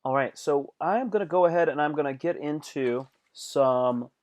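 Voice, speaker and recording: A man's voice: fairly high pitch, normal speed, a little mellow. A man hosting a live stream, giving casual motivational talk in slangy speech that repeats phrases and acts out angry outbursts.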